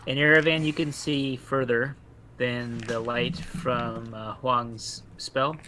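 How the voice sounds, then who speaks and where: Man as casual game master, loose rambling narration, mid pitch. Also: little pitch movement, takes it slowly, pushed and bright, a little hiss or hum. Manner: loose, filler-heavy narration.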